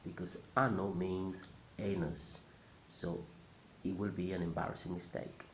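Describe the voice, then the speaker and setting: Deep-voiced teacher, patient and repetitive, faint hiss behind. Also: male voice, level tone. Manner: careful, repeats words slowly for learners. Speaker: Spanish teacher. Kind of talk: pronunciation lesson. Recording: roomy, slightly dull recording with faint hiss.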